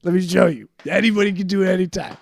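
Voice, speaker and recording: A cocky drunk man crows at a police officer about beating his case, as a man does the voice. The tone sits high, with a rough, gravelly edge. A faint noise hangs behind it. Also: very fast. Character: drunk man bragging to a cop.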